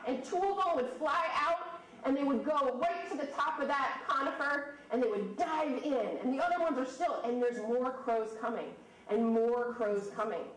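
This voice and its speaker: A woman in her thirties, a birding presenter telling stories and quizzing a live audience in a lively way. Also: sits high, moderate pace. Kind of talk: storytelling talk to a live audience. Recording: echoey room from a distant mic, faint noise.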